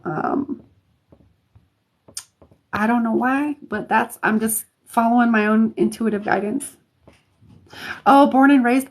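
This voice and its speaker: Lady doing readings on a live stream, kinda high voice, chatty, lots of ums and restarts. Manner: chatty, warm to viewers, many fillers and restarts. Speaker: intuitive reader hosting a live stream. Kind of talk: casual live-stream chat.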